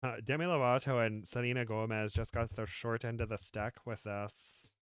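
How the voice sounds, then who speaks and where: Playful man co-host, smooth dry voice. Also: mid-range voice, steady tone, moderate pace, no echo. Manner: playful, jokey asides. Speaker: podcast co-host. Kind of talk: casual chat and reading aloud.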